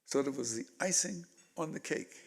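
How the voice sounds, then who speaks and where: A man in his eighties, a guest speaker telling stories from his life to a panel audience in an animated way. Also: a little high, normal speed, gravelly, husky. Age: 80s. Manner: animated storyteller, voices quotes loudly. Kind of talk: storytelling in a panel talk.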